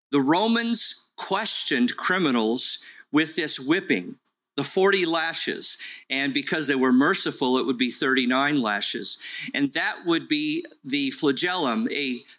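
A man's voice: on the high side, pushed and bright, poor audio. A man preaching a sermon as pastor, in an earnest storytelling way.

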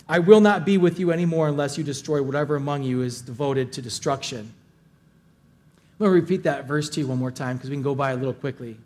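A male pastor preaching a sermon, reading scripture and retelling it in casual, animated paraphrase. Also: fairly high pitch.

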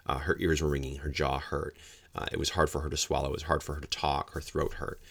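A middle-aged man who trains law enforcement lectures them on the hearsay rule, explaining it step by step and acting out his quoted examples with sudden loud outbursts. His voice is extremely low and flat, his pace quick, and there's no echo.

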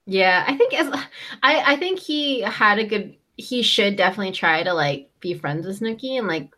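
A woman's voice: medium pitch, expressive, normal speed, bright, forceful tone. A young woman co-hosting a casual chat, recapping a show with lots of "um" and "like". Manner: chatty, lots of fillers like "um" and "like". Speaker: co-host recapping a reality show.

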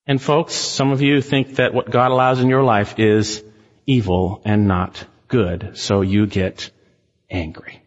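A man's voice: mid-range voice, a little slow, long reverb tail, dull audio. A male pastor preaching a sermon in an earnest, emphatic way, speaking straight to his congregation.

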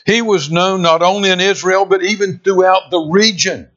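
A man preaching a sermon, expressive, with dramatic pauses and emphatic quoted lines. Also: sits high. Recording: dull lo-fi sound.

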